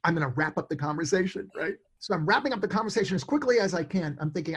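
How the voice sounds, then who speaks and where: Brief: man, 60s, from New York, lively anecdotal interview guest, slightly higher voice. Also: breathy edge. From New York, USA. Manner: animated, acts out his own thoughts in quick asides. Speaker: interview guest, songwriter and producer. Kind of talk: conversational storytelling.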